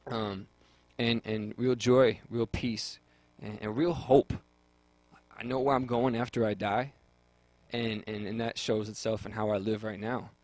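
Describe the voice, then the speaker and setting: A man's voice: on the low side, steady tone, unhurried, darkish tone, no room sound, low-quality recording. A young man on a radio talk show, sharing his faith testimony in an earnest way and often repeating words as he looks for them. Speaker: guest.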